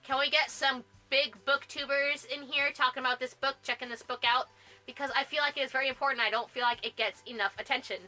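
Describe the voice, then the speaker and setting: Bubbly, bright-voiced woman gushing over books. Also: sits high, steady tone, fast talker, faint music behind, low-quality recording. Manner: bubbly and gushing, laughs often. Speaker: book vlogger. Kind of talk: casual book review vlog.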